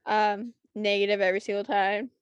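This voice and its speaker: A woman's voice: mid-range voice, level tone, a little fast, clean tone, dull audio. A young woman in a casual podcast chat, talking hesitantly with plenty of fillers. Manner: hesitant, lots of fillers, laid-back. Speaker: podcast co-host.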